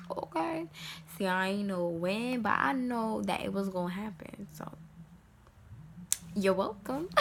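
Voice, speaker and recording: Emphatic woman with a gravelly voice. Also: medium pitch, slight background noise. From United States. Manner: emphatic, repeats lines, dips into whispers. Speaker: vlogger giving advice. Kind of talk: casual advice talk to camera.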